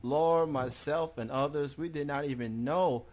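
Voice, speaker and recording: A man hosting an internet radio show, interviewing a caller in a relaxed, halting way with many fillers. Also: on the high side, a little hiss or hum. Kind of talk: casual call-in interview.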